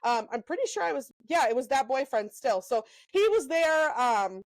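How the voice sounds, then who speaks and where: A young woman co-hosting a podcast, telling animated stories in a casual chat, full of "um" and "like". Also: sits high, no room sound, poor audio. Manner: animated storyteller, lots of "um" and "like", quick asides. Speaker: podcast co-host.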